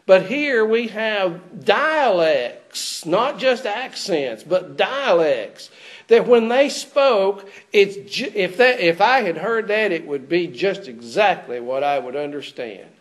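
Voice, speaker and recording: In a church, a male preacher with a raised, fairly high voice gives an expository sermon, working through a Bible passage for his congregation. He is animated but takes it slowly, often pausing to pose rhetorical questions to his listeners.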